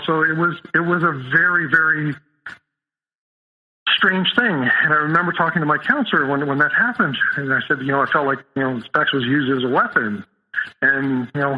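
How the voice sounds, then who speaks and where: A middle-aged man telling his own story as an interview guest, halting and full of restarts. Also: mid-range voice. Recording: tinny phone line.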